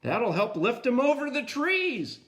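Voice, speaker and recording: An older man reading a storybook aloud, voicing a young boy bear cub who shouts urgent instructions. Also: extremely high pitch, sing-song, a little slow, voice pushed up, heavily acted.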